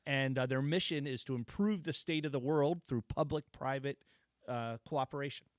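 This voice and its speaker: A man's voice: medium pitch, moderate pace, no echo, studio quality. A man co-hosting a talk radio show, leading into topics and reading up facts in casual chat. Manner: leads topics, reads up facts, laughs along. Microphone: studio microphone.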